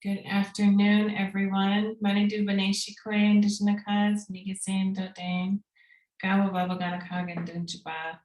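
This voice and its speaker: A woman's voice: mid-range voice, monotone, normal speed, a little mellow. Earnest woman panel lead, casual and searching, roomy video-call sound. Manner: earnest, frequent fillers and restarts. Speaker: executive director, panel opener.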